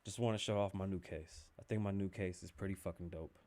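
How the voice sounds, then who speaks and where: A man's voice: sits low, steady tone, a little fast, a little mellow. Loose, joking man hosting a podcast. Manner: loose, joking, chatty, swears freely. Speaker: podcast host. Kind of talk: casual livestream podcast with sponsor read.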